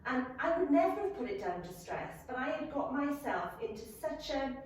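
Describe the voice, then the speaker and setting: A woman's voice: high voice, big pitch swings, moderate pace, darkish tone, distant mic, a little hiss or hum. Candid woman in an echoey room. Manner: storytelling, candid, laughs easily. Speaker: wellness chat co-host. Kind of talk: casual live wellness chat.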